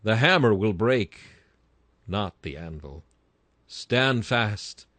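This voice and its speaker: Fervent low-voiced man reading a sermon. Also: animated, slow pace, fairly bright tone, dry recording. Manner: emphatic, rising to bursts of fervor. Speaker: sermon reader. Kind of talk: read-aloud Victorian sermon.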